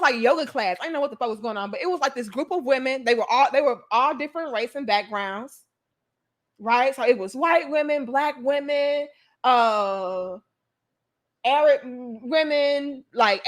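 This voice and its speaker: A young adult woman tells a story to her viewers in a casual, animated, chatty way, swearing freely and calling them y'all. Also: on the high side. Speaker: vlogger.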